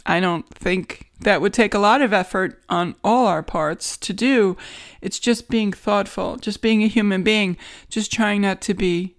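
A woman's voice: mid-range voice, measured pace, no echo, clean studio sound. A woman with a New York accent hosting a casual solo podcast from a home guest bedroom, sarcastic, rambling and self-mocking. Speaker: podcast host.

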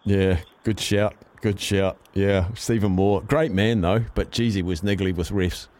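A man's voice: low voice, steady tone, measured pace, a little mellow. A man hosting a talkback radio show, chatting casually with callers and agreeing with them.

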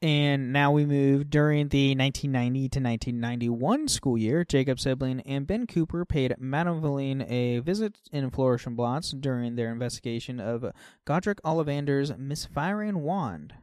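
A man's voice: mid-range voice, moderate pace, hardly any pauses, clear, resonant tone, no echo, clean studio sound. A man co-hosting a podcast, chatting casually about a game and often trailing off with "like". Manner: chatty, fillers like "like", trails off softly. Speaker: podcast co-host.

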